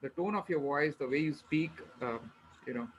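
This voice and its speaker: A man's voice: on the high side, moderate pace, a little hiss or hum, poor audio. A man taking part in an online session, answering a question hesitantly with many fillers. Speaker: webinar participant.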